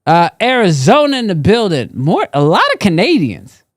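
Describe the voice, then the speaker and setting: A man's voice: high-pitched, sing-song, normal speed, no room sound, clean studio sound. A man co-hosting a live stream, playfully calling out where viewers are tuning in from and bantering with his co-host. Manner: playful, shouting out viewers' locations.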